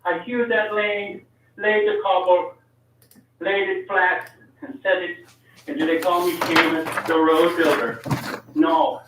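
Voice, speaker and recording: A man's voice: high-pitched, expressive, takes it slowly, fairly bright tone, very echoey, a little hiss or hum, exaggerated voice. A man on a phone line putting on a put-on Irish accent to play a grumbling old countryman. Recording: distant tinny phone line.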